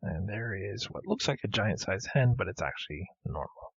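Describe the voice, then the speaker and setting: A low-voiced man with a gravelly, husky tone talks through an old adventure game. He makes puns, laughs at his own mistakes, and lets his pitch swing widely as he goes. The recording is dull and lo-fi, with faint game music behind him. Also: sing-song, moderate pace, a bit bright, dry recording. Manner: chatty, punning, self-deprecating. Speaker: let's play host. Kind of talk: game commentary.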